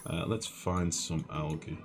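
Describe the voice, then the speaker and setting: A man's voice: rumbling low, little pitch movement, unhurried. A young man streaming a video game, chatting flusteredly to his viewers and mocking himself. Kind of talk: live-streamed gameplay commentary. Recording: music playing clearly behind voice.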